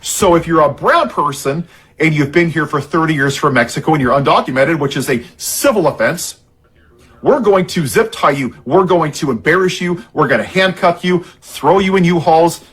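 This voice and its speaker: Fairly high in pitch, a bit bright and breathy, this man's voice carries an angry political rant. Worked up and frustrated, he lays on the sarcasm and irony thickly.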